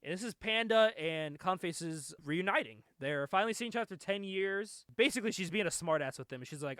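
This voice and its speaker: A young man with a bright, forceful voice and a slightly high pitch, chatting loosely about a comic, laughing easily between lines. The sound is dry and close, with no room around it. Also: brisk, dry recording. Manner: laid-back, laughs often, loose retelling with many "like"s. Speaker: podcast co-host. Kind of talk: casual comic book review chat.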